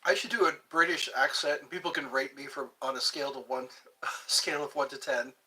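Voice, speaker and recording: Young viewers hear a middle-aged host ramble casually on his livestream, shot from a phone on a tripod, as he wanders into song snippets. He speaks briskly in a medium-pitched voice that is bright and forceful.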